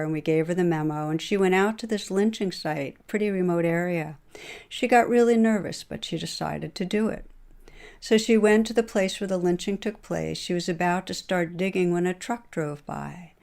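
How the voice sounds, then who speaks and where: A middle-aged woman giving a dharma talk as a meditation teacher, retelling a story in a calm, measured way. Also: lowish voice.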